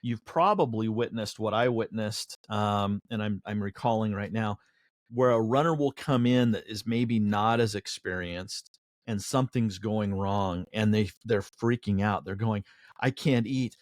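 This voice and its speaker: Low-voiced man co-hosting, dry sound. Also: measured pace, no echo. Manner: thinking aloud with many fillers and restarts. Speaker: podcast co-host. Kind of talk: casual chat.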